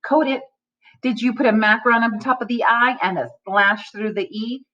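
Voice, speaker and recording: A woman teacher giving a recorded phonics lesson to young children, speaking slowly and articulating every sound clearly. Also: fairly high pitch, a bit bright, dull audio.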